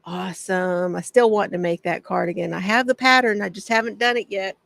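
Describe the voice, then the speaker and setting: A woman's voice: medium pitch, fairly even intonation, brisk, creaky, a bit bright, dry recording. A woman hosting a casual craft livestream from her home shed, greeting viewers by name, chatty and often laughing.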